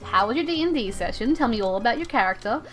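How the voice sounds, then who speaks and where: Excitable, rambling young woman streamer. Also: a little high, quick pace, soft background music. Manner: excitable and rambling, stammers and repeats words, swears. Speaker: game streamer. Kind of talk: casual live-stream chat while gaming.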